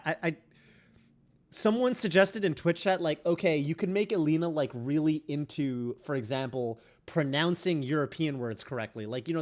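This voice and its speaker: Guy streaming a game, kinda high voice, rambles with tons of ums and likes. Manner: rambling, heavy on fillers and restarts. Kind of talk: casual chat while streaming.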